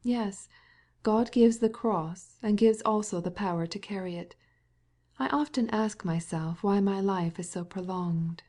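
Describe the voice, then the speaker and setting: A woman's voice: mid-range voice, a little slow, mellow, close to an everyday voice. A woman voicing a pious older invalid lady with sweetly pained speech, in an audiobook.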